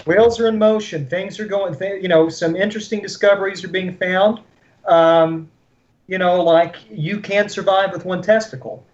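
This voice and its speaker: A man co-hosting a podcast over a video call, joking in a deadpan way. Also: high-pitched, normal speed, dull audio. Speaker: podcast co-host. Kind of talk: joking casual chat.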